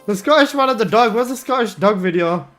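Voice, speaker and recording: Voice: mid-range voice, lively intonation, brisk, a bit bright, soft background music. A game streamer reacting to a video in casual, giggly chat, swearing now and then.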